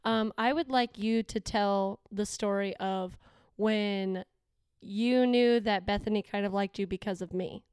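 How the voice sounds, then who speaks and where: A woman hosting a podcast in casual chat, encouraging her guests with quick remarks. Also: mid-range voice, fairly even intonation, a little mellow, smooth, dry recording, clean studio sound. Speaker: podcast host.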